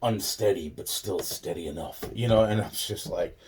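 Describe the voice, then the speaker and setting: A man's voice: low-pitched, normal speed, noisy background. A man telling a rambling personal story. He swears constantly, loses his thread and trails off into repeated fillers.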